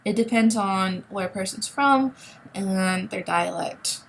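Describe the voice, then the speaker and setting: A woman's voice: medium pitch, fairly even intonation, unhurried, vocal fry, fairly bright tone. A woman teaching a recorded online language lesson, explaining words and sounds patiently and checking in with a frequent "okay?". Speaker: Spanish teacher.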